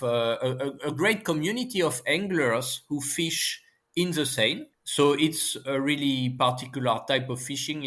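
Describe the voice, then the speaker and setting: A man from France with a French accent, speaking English as a second language, talking casually as an interview guest and pausing often to find his words. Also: medium pitch, fairly bright tone. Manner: halting, searching for English words. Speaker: guest scientist and author.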